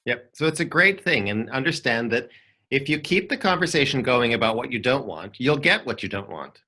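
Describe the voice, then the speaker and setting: Male arts coach, bright and animated, persuasive with rhetorical questions, video call sound. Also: mid-range voice, normal speed. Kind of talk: online forum talk.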